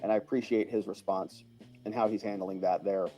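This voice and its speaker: A man's voice: lowish voice, fairly even intonation, brisk, mellow, faint music behind. A man hosting a casual livestream, chatty and chuckling as he thanks viewers by name and reacts to their comments. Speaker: livestream host.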